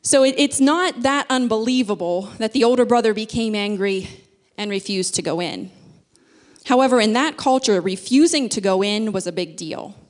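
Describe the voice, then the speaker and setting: A woman's voice: a little high, moderate pace. A woman giving a sermon in a conversational way, explaining with everyday examples. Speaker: speaker.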